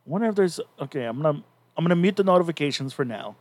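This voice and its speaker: A man co-hosts a casual podcast and retells a story in a loose, rambling way, restarting his sentences often. His voice sits a little high. The sound is dry and close, with no room around it. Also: animated, rapid-fire, a little mellow, no room sound. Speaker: podcast co-host. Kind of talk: casual chat recapping a story.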